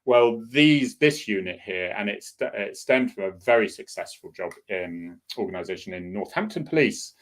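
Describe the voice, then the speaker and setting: A man's voice: lowish voice, animated, moderate pace, hardly any pauses. A middle-aged man, a former police officer, hosting a casual solo chat in a rambling, opinionated way. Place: home in Cornwall.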